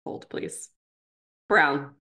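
A woman co-hosting a podcast in casual chat, teasing and quick to laugh. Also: pushed and bright. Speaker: podcast co-host.

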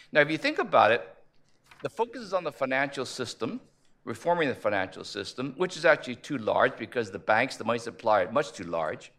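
A man speaking at a conference panel, measured and analytical, posing rhetorical questions as he lays out his argument. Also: mid-range voice, fairly bright tone. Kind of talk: conference presentation.

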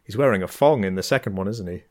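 Low-voiced rambling man. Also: fast talker, a little mellow. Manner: rambling, hesitant, many fillers, laughs easily. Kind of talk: casual chat.

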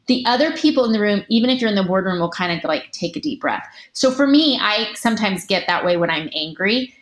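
A woman physician and public speaker, a guest in an interview, giving earnest, animated advice and acting out quoted lines. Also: medium pitch, fairly quick, hardly any pauses. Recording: roomy echo.

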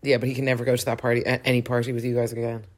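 A woman's voice: rumbling low, level tone, rapid-fire. A woman co-hosting a casual chat, chiming in with short quips and laughter.

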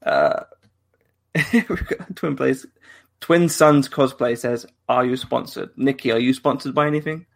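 A man co-hosts a live-streamed fan podcast in loose, casual chat. His mid-pitched voice carries a gravelly, creaky edge. He rambles, laughs often and keeps restarting his sentences. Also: animated, unhurried. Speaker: podcast co-host.

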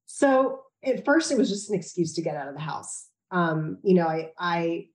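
A woman, probably in her thirties, speaking as an interview guest and telling a personal story in a reflective, candid way with halting restarts. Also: fairly low pitch, expressive, reverberant.

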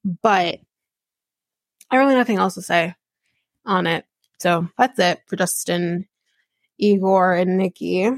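A woman's voice: medium pitch, gravelly, no echo. Chatty woman recapping with a dry sound. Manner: chatty, with frequent fillers and quick asides. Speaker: podcast host recapping a reality show. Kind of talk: casual recap chat.

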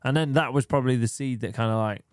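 Fast-talking man, dry sound. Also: mid-range voice, clean tone, no echo. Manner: laid-back, chuckling, retells conversations. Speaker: motorcycle racer, podcast guest. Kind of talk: casual storytelling chat.

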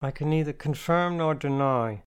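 A man's voice: fairly high pitch, normal speed, clear, resonant tone, natural voice. Sheepish young lover in an audiobook, clipped and embarrassed, played by a man. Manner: sheepish, short replies. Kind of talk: audiobook character reading.

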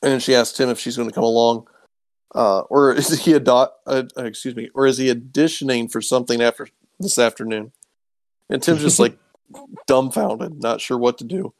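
A man's voice: mid-range voice, fairly even intonation, normal speed, dry recording. A man casually recapping an episode, rambling with ums and acting out quoted lines. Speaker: podcast co-host recapping a show. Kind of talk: casual chat.

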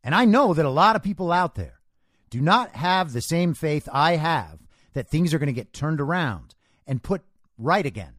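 A man's voice: fairly high pitch, very animated, moderate pace, a bit bright, no room sound, clean studio sound. A man hosting a podcast, giving an opinionated solo monologue with emphatic delivery and rhetorical questions. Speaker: podcast host.

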